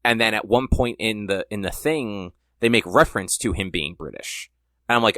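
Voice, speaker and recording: A man's voice: on the low side, moderate pace, fairly bright tone, no echo, clean studio sound. A young man co-hosting a podcast, rambling in casual chat and leaning hard on filler words. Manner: rambling, heavy use of "like". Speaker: podcast co-host.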